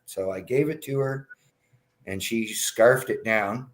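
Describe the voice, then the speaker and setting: A middle-aged man, a radio show guest, telling a personal story in a blunt, candid way, swearing freely. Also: slow. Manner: candid and blunt, swears, acts out dialogue with rising pitch. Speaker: guest, cannabis patient advocate.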